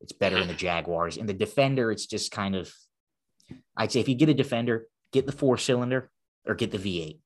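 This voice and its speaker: A man with a fairly low voice talks cars with a friend. His delivery is loose and conversational, with frequent restarts and asides. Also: fairly quick. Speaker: co-host. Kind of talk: casual car chat.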